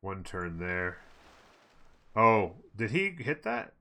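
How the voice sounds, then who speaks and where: Male esports caster, deep and bright, casual rambling play-by-play. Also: big pitch swings, slow pace. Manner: casual, rambling, thinks aloud with fillers. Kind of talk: live game commentary.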